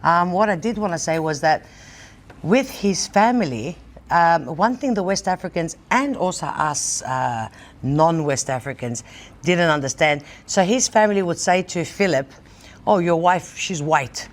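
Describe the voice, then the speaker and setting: A woman's voice: fairly low pitch, animated, normal speed. A middle-aged woman from Australia, hosting a casual studio chat and telling stories in a candid, blunt way. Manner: candid, blunt storyteller, swears freely. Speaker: host.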